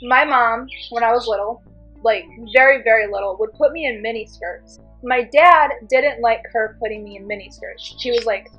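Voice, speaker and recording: A young woman with a slightly high voice chats through a storytime, saying "like" a lot and laughing now and then. The sound is a little dull and muffled, with faint music behind her. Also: moderate pace, a bit bright, husky. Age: young adult. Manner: casual, lots of "like", laughs. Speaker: channel host. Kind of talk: casual storytime chat.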